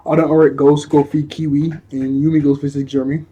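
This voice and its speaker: Male reviewer, slightly high mellow voice, slangy, casual, chuckles often. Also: level tone, quick pace, breathy edge. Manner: loose slangy talk, frequent chuckles and fillers. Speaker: episode reviewer. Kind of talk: casual cartoon episode review.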